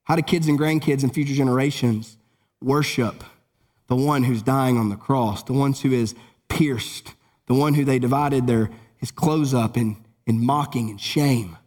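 A man preaching a sermon, swinging between urgent raised lines and low solemn ones as he reads and explains scripture. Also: darkish tone. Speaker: pastor. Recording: long hall reverb.

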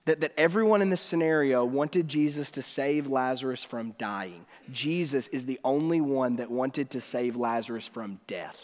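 Male pastor, high voice, casual chatty preaching, long church-hall reverb. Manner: casual, conversational preaching with slang; swings from emphatic to hushed. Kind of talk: sermon.

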